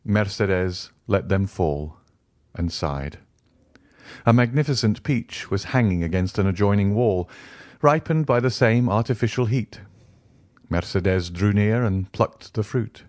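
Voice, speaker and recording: Man, audiobook narration, measured storytelling, fairly low, dry close recording. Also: expressive, darkish tone, no echo. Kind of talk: scripted narration of a classic novel.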